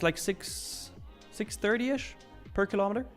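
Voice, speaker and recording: A man's voice: a little high, moderate pace, faint music behind. A young Swiss man casually hosting a live trading stream, chatting, reading out chat messages and laughing often. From Switzerland.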